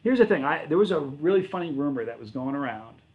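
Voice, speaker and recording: A man's voice: on the high side, big pitch swings, fast talker, phone-quality sound. A man hosting a livestream, reading chat messages and answering in a casual, rambling way, often correcting himself mid-sentence. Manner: rambling, self-correcting, friendly. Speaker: channel host reading live chat.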